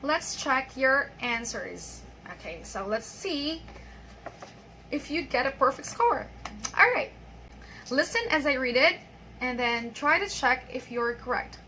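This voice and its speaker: A woman teaching an online English pronunciation lesson, patiently reading example sentences and repeating them slowly. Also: sits high, animated, bright, forceful tone, slight background noise, poor audio.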